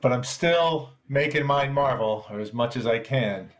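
A man's voice: medium pitch, moderate pace, slight background noise. A man who is a guest on a comics podcast, joking and then telling stories about his past work in a thoughtful way. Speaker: guest, former comics editor. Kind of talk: phone-in interview chat.

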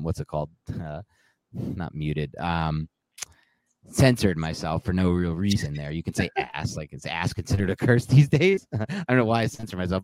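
A man's voice: sits low, darkish tone, no room sound. A man co-hosting a sports podcast, breaking down a game in loose, rambling talk, correcting himself and laughing at his own slips. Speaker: podcast co-host. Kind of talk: casual sports podcast analysis.

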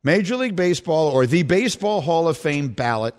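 A man's voice: fairly high pitch, big pitch swings, a little fast. A man hosting a sports talk radio show, teasing and incredulous as he banters with his co-hosts.

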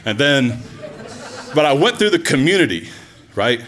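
A man spinning a personal story for a live audience, his pitch swinging widely as he gets into it. His voice sits at an ordinary middle height, and he talks conversationally, full of asides, "like"s and "um"s. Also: big pitch swings, normal speed, fairly bright tone, slight background noise. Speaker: storyteller, former teacher.

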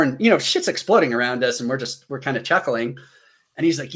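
Man telling a war story casually. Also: quick pace. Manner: animated, acts out quotes with raised pitch. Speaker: military veteran telling a story.

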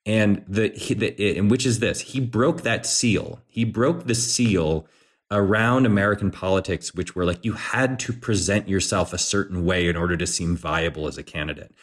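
A man speaking as a guest on a political podcast, animated, acting out quoted voices, with frequent restarts. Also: low-pitched, normal speed.

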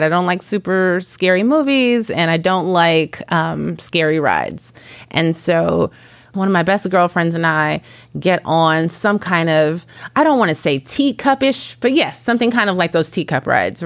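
Woman in her 30s, low voice, animated storyteller with dry studio sound, casual podcast chat. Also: dry recording. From Chicago. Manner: animated, self-mocking storyteller. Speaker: podcast guest.

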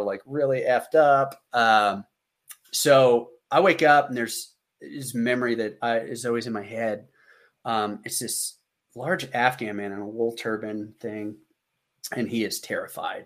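A man in his thirties with an American accent, telling a war story as a podcast guest, animated and acting out the dialogue he quotes. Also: medium pitch. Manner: animated, acts out quoted dialogue, frequent fillers. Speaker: podcast guest, combat veteran. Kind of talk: casual storytelling.

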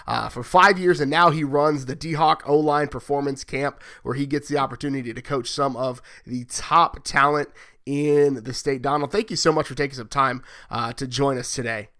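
A man with a mid-range, slightly bright voice hosts a sports podcast. He's chatty and joking, and his questions tend to be long and rambling.

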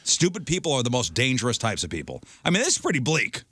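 A man's voice: medium pitch, very animated, fast talker, fairly bright tone, dry recording, clean studio sound. A man co-hosting a radio show, animatedly recounting what he read and watched. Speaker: radio co-host. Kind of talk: casual chat.

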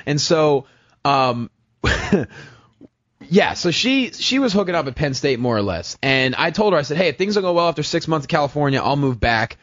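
Man, high-pitched, animated storyteller, self-mocking, casual chat, dull lo-fi audio. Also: moderate pace.

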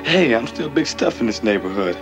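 An actor plays an ashamed young man in a TV drama, coaxing his mother with forced cheer. His pitch swings widely from line to line, with music playing under the scene. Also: sing-song, brisk, close to an everyday voice. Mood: reassuring. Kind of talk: 1980s TV drama acting.

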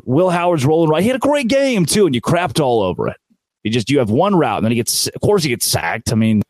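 A man hosting a college football recap show, ranting with exasperated sarcasm and animated swings in his voice. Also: medium pitch, no room sound. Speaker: sports show host.

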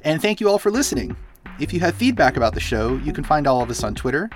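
A man's voice: on the high side, big pitch swings, quick pace. A man from Boston hosting a podcast in casual chat, recommending things enthusiastically with lots of fillers. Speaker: podcast host.

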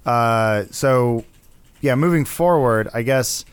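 A man's voice: mid-range voice, slow, clear, resonant tone. A man co-hosting a podcast, recapping a movie plot in casual chat, rambling and correcting himself with wry asides. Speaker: podcast co-host.

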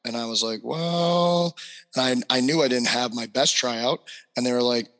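Bright-voiced man telling a story. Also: mid-range voice, a little fast. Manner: animated, telling a story with fillers. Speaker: podcast co-host, hockey trainer. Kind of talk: casual storytelling.

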